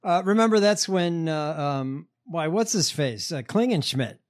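Male podcast host, slightly high voice, halting and sardonic delivery. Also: expressive. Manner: halting, lots of fillers, sardonic. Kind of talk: casual chat.

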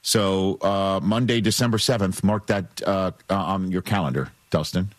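Brisk New York sports radio host. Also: male voice, low voice, no echo. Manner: brisk, teasing, runs through schedule. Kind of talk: call-in radio sports talk.

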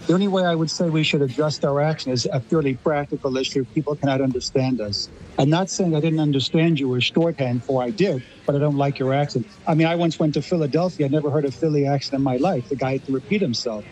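A man with a somewhat higher voice speaks as a linguist guest. He argues firmly and illustrates each point with an example. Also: fast, darkish tone, low-quality recording. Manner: firm, argumentative, uses examples. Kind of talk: expert discussion.

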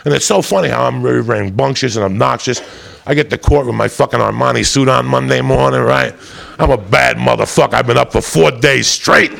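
A man's voice: mid-range voice, brisk, a bit bright. A man doing stand-up, telling a story in a rowdy, boisterous, profane way. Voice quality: gravelly. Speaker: stand-up comedian.

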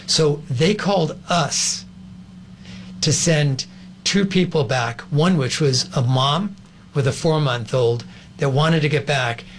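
A man talks as a talk show guest in a voice a touch higher than usual for a man. He presses his points urgently, with pointed rhetorical questions, and a faint noise sits behind him. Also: slow. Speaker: guest, advocacy group organizer. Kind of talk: interview talk.

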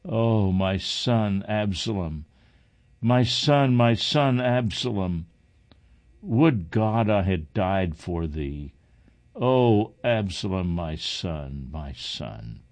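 A man's voice: low-pitched, animated, slow pace, a little mellow, exaggerated voice. A man reading the part of an old king crying out in grief for his son. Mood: grieving.

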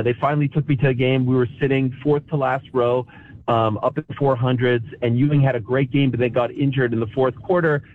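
A man in his forties from Canada, calling in to a show and talking with emotion, full of restarts. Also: medium pitch. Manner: emotional, restless, many restarts. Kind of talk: casual chat. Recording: tinny phone line.

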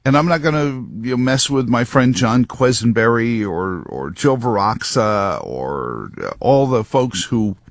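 A man's voice: mid-range voice, lively intonation, unhurried, hardly any pauses, no echo. A man hosting a talk show, giving a rambling, emphatic monologue into a close mic. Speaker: radio talk host. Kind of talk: opinionated monologue.

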